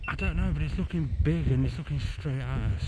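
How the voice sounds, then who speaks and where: A man, chatting excitably to a handheld camera while vlogging outdoors in a forest at night. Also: fairly high pitch, a little fast, heavy background noise. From England. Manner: excitable, chatty, laughs often. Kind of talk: casual vlog narration.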